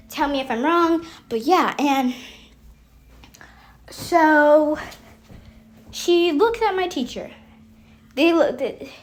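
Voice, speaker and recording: A young woman telling a rambling storytime, with lots of fillers and frequent laughs. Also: high-pitched. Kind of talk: casual storytime vlog.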